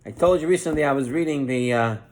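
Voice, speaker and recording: A man's voice: mid-range voice, fast talker, slight background noise. A man, a rabbi, giving a Torah class, telling a parable. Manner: animated parable-telling with lively voiced quotes.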